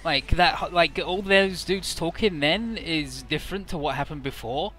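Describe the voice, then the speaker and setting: A man's voice: on the high side, measured pace, bright, forceful tone, faint music behind. Loose, profane man commenting on a game. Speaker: let's player.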